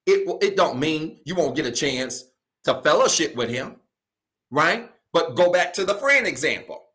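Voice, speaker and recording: A male pastor preaching a sermon to a virtual congregation from home, colloquial, often calling his listeners y'all, slowing down to stress key phrases and rushing through asides. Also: a little high, animated, a bit bright. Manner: preaching with slow emphatic stretches and quick asides.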